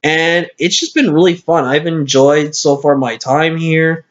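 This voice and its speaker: At a measured pace and with fairly even intonation, a slightly high male voice offers casual commentary on a game replay. Tired and hiccuping, he rambles and self-corrects, recorded via a lo-fi screen-capture mic.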